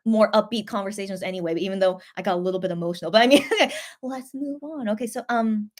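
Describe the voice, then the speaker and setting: A woman's voice: medium pitch, quick pace, a little mellow. A woman hosting a casual livestream, chatting in a rambling, gushing way and reading viewer comments aloud. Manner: gushing and easily moved. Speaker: host.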